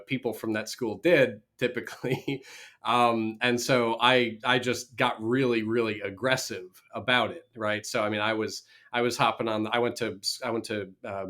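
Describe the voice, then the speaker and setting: A man from Minnesota, a real estate investor, telling stories as a podcast guest with high energy, blunt profanity and quick restarts. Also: a bit bright. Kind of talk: casual interview storytelling.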